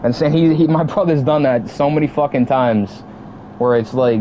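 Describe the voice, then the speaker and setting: A man's voice: mid-range voice, fairly even intonation, normal speed, muffled recording, a little hiss or hum. A young man in his twenties venting casually to his stream chat, heated and profane, repeating himself as he talks. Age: 20s. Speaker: livestream gamer.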